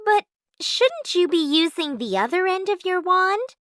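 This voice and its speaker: A woman's voice: extremely high pitch, sing-song, unhurried, fairly bright tone, no room sound, studio quality, voice pushed up, exaggerated voice. A woman voicing a young, put-upon heroine who is sweet but wry. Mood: earnest.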